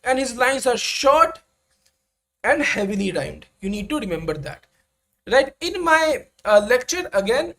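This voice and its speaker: A young woman gives a live online lecture. Her voice sits fairly high and moves animatedly up and down. She keeps checking on her listeners with a quick "right?". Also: sing-song, fairly bright tone. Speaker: exam-prep lecturer.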